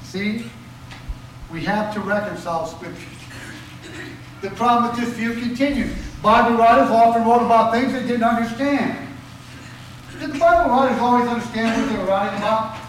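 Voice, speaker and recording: Guy preaching, fairly high voice, far from the mic in a big echoey hall, lots of rhetorical questions. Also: moderate pace, long pauses, a little hiss or hum. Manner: emphatic, questioning, rising and dropping for emphasis. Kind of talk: sermon.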